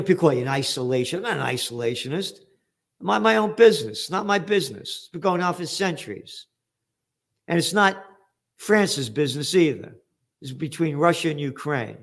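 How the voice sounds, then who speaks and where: Hosting a current-affairs commentary full of opinions, this older man from the United States is blunt, profane, and given to sarcastic outbursts. He speaks at a normal speed in a fairly high, animated voice.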